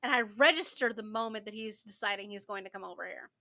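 A woman's voice: mid-range voice, fast talker, gravelly, bright, forceful tone. A young woman co-hosting a podcast, telling a work story in casual chat with emphatic repetition and casual swearing. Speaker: podcast co-host.

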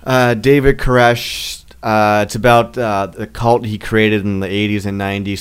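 A man's voice: on the low side, level tone, normal speed, hardly any pauses, clear, resonant tone. A man co-hosting a podcast, chatting casually with plenty of fillers and restarts. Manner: rambling, filler-heavy. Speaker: podcast co-host. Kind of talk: casual chat.

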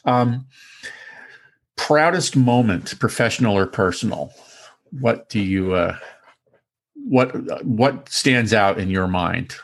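A man hosting an interview in a relaxed way, asking questions with hesitant fillers and quick affirmations. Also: lowish voice, vocal fry. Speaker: interviewer, host. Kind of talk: casual interview chat.

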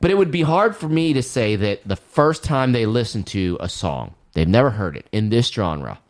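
Lively-voiced man rambling on a podcast. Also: on the low side, moderate pace. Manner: rambling, circles back with questions. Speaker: podcast co-host. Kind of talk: casual chat.

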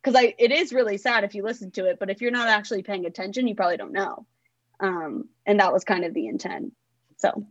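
A woman's voice: mid-range voice, animated, fast talker, no room sound, lo-fi sound. Rambling young woman full of "like". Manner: rambling, filler-heavy with frequent "like". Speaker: songwriter guest. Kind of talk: casual interview chat.

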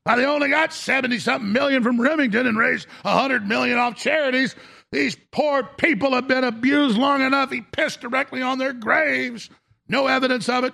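A middle-aged man, hosting a talk show in a mocking, animated rant that breaks into shouts and mimicked voices. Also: very high voice, vocal fry, husky. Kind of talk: ranting monologue.

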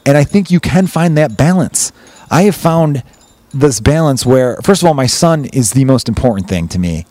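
A Chicago man in his thirties chats casually on a podcast, rambling, swearing and acting out scenes as he tells a story. His mid-range voice is expressive and a little mellow, at a normal speed with no echo.

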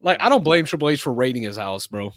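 A man's voice: medium pitch, very animated, fast talker, dry recording, clean studio sound. A man hosting a casual podcast, talking in a loose, rambling, profane way with lots of fillers. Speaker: podcast host. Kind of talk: casual sports and wrestling chat.

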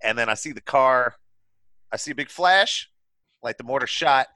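Young dude telling a crazy story, swears a lot, voice jumps all over, dry mic. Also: male voice, mid-range voice, normal speed, no room sound. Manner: animated, swearing, laughing storyteller. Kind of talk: casual storytelling.

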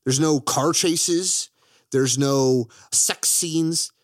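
A man's voice: fairly high pitch, very slow, no echo, clean studio sound. A man co-hosting a podcast, chatting enthusiastically about films, joking and swearing. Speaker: podcast co-host. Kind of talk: casual film chat.

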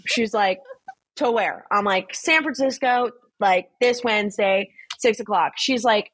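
A young woman guest telling stories in a casual podcast chat, blunt and animated, swearing freely and saying "like" constantly. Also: medium pitch, measured pace, breathy edge, no echo. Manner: chatty, swears freely, fills talk with "like". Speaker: guest, social media influencer.

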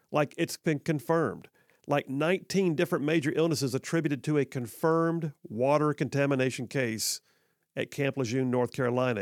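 A man's voice: medium pitch, no echo, clean studio sound. A man hosting a talk radio show, reading a sponsor spot in a folksy, joking way. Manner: folksy, joking, drawling when slowing down. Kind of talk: casual talk radio with live ad read. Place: radio studio. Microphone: studio microphone.

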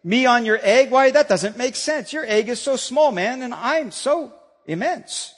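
A pastor voicing a gentle, faithful male elephant from a storybook, speaking steadily and earnestly. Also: very high-pitched, lively intonation, measured pace, in a large hall, voice pushed up, exaggerated voice. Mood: amused.

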